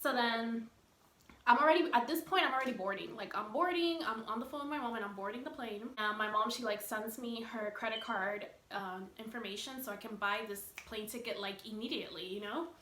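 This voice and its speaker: A young woman vlogger tells a story straight to camera, voicing each person she quotes. Her voice sits a little high and bounces around, with "like" filling her sentences. The room gives her voice a noticeable echo. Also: brisk. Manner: animated retelling, acting out quoted people, many "like" fillers. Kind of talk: storytime vlog. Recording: echoey room.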